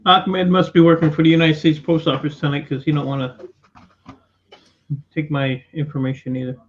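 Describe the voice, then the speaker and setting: A man's voice: on the high side, little pitch movement, normal speed. A man chatting casually on a podcast, rambling and joking. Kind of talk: casual chat. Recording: muffled lo-fi audio with faint noise.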